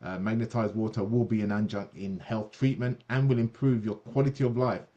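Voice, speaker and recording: A man's voice: lowish voice, fairly even intonation, fairly quick, dark tone, highs cut off. A man hosting an online product presentation, talking enthusiastically with many fillers and restarts.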